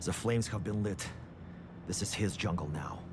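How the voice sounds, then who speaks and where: A man's voice: low-pitched, normal speed, noisy background, close to an everyday voice. An actor playing a grim, weary man in a video game who curtly turns others away.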